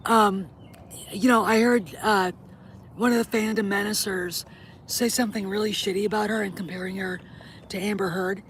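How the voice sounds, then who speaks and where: A middle-aged woman hosting a casual vlog speaks straight to her audience in a steady, middle-range voice at normal speed. She's blunt and opinionated, swearing here and there, and a faint hiss of background noise runs beneath the recording.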